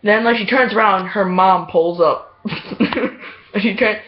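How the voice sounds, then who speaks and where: A man's voice: sits high, measured pace, slight background noise. A man telling a story in a casual vlog, rambling with many fillers and restarts and laughing often. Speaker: vlogger. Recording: dull lo-fi home video audio.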